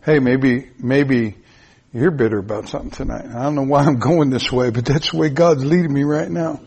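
A man preaching a sermon, emphatic and repetitive, with sudden high-pitched rises. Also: moderate pace, gravelly, darkish tone, breathy edge. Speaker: pastor.

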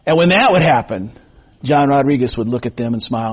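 A middle-aged male pastor preaching a sermon, reading scripture and praying slowly, then telling stories folksily with many fillers. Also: mid-range voice, husky. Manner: slow, measured scripture reading and prayer; folksy storytelling with frequent fillers. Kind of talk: sermon with prayer and personal storytelling. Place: church sanctuary.

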